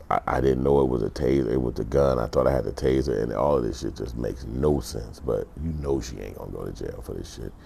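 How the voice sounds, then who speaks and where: A man's voice: rumbling low, gravelly, dark tone, slight background noise. A middle-aged man giving blunt, profane storytelling commentary in a vlog. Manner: profane, blunt, acts out other people's voices. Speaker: vlogger.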